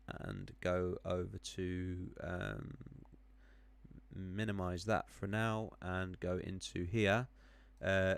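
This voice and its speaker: A man with a low voice and vocal fry runs a live stream about crypto charts, chatting with viewers. He rambles with many ums and self-corrections as he clicks around, and the recording is dry.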